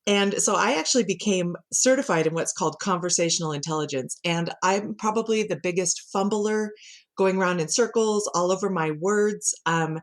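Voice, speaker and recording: A middle-aged woman, a communication coach, chatting as a podcast guest and telling animated stories with frequent laughter. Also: fairly low pitch, moderate pace. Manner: lively storyteller who laughs often and acts out quotes. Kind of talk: conversational podcast interview.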